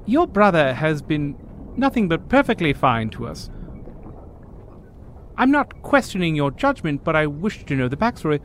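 Man, tabletop player, earnest, polite, animated pitch, faint noise. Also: moderate pace, long pauses. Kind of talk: in-character tabletop play.

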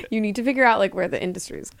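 Rambling podcast woman with a gravelly edge. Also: on the high side, very animated, fast, dry recording. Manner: rambling, packed with "like" fillers. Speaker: podcast co-host. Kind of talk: casual comedic chat.

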